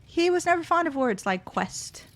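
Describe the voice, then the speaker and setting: A woman voicing a weary old male goblin who protects the heroes, with a slow, grave delivery. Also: very high-pitched, sing-song, pitched above the performer's own voice, full character voice.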